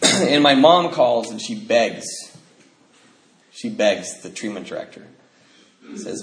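A man telling his recovery story to an audience as an animated storyteller who laughs as he talks. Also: medium pitch, slow pace, pauses often. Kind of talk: personal testimony to an audience. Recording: echoey room with faint noise.

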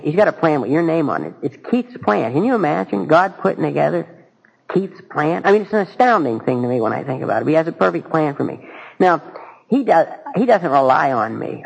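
Man with a raspy, somewhat high voice, candidly sharing his story at a recovery meeting. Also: rough recording. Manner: earnest, folksy, candid. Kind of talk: personal storytelling talk.

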